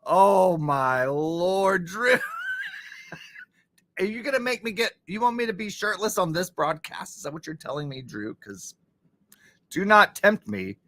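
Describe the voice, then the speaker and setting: Animated man hosting a live stream. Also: high voice, moderate pace, hardly any pauses, no room sound. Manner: excitable, thanks viewers, frequent laughter. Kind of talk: casual live-stream chat with viewers.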